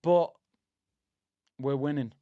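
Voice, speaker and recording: A man streams a live football watchalong, chatting casually about the match and reading out viewer comments, with excitable bursts. His voice is slightly high, slow, clear and resonant, though the recording sounds lo-fi.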